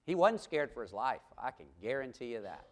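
A man's voice: medium pitch, very animated, brisk. A man preaching a sermon, asking the congregation questions and reading scripture aloud. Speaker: pastor.

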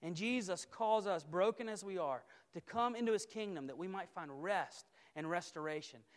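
A man preaching a sermon as a campus minister. He speaks emphatically, building repeated phrases and dropping to quiet intensity. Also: high-pitched, animated, moderate pace. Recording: long hall reverb.

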